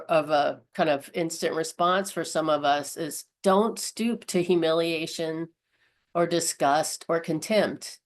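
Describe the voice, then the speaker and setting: A woman in casual talk, thinking aloud as she goes, with frequent ums and restarts. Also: sits low. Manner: many fillers, thoughtful.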